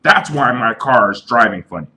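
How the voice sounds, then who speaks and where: A man voicing a frantic, bossy man in denial who shouts everyone down in a shrill voice. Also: expressive, moderate pace. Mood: insistent. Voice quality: shrill, yelling.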